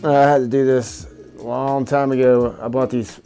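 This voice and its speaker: A man's voice: medium pitch, level tone, normal speed, dark tone, soft background music. A man vlogging about his drone hobby as he works, frustrated, swearing and muttering to himself. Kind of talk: casual talk while working.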